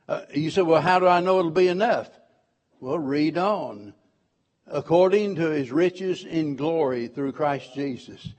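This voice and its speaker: A man's voice: a little high, a little slow, darkish tone. A man preaching a sermon, emphatic, repeating key words and quoting scripture in old-fashioned wording.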